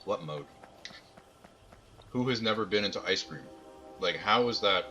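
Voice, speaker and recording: Rambling, bright-voiced streamer man. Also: fairly low pitch, animated, unhurried, muffled recording, faint music behind. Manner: rambling storyteller, full of fillers and swearing. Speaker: streamer playing with others. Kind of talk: casual voice chat banter.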